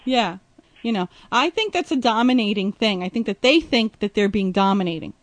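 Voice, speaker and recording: A woman's voice: mid-range voice, animated, moderate pace, no room sound. A woman hosting a frank, casual chat, talking bluntly and teasing. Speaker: host.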